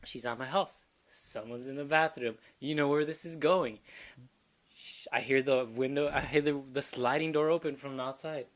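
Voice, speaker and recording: A man's voice: medium pitch, normal speed. A man hosting a casual podcast, spinning a crude anecdote with plenty of rambling detours. He laughs at his own jokes as he goes, loose and unpolished. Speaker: podcast co-host. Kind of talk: casual comedic storytelling.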